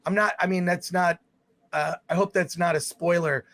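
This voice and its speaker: A man's voice: high-pitched, fairly even intonation, normal speed. A man hosting a live stream, giving a rambling, exasperated spoken movie review. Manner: rambling, exasperated, with restarts and loud outbursts.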